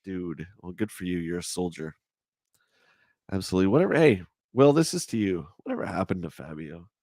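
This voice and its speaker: A middle-aged man with a nasal voice, hosting a casual morning livestream chat in a relaxed, chatty way. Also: low voice, brisk, no room sound, studio quality. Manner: relaxed, chatty, laughs easily. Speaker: livestream host.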